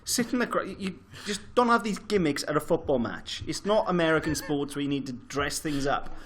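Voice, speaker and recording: A man's voice: on the high side, animated, a little fast, a bit bright. A man co-hosting a sports show, talking casually and correcting himself as he goes. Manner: rambling, self-correcting. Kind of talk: casual podcast chat.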